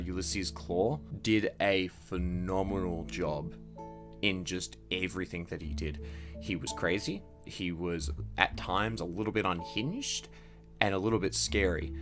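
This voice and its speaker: Young male vlogger, low-pitched, casual and profane, rambling review. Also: fairly bright tone. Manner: rambling, profane, full of restarts. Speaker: movie reviewer. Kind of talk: casual movie review vlog. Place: at home computer.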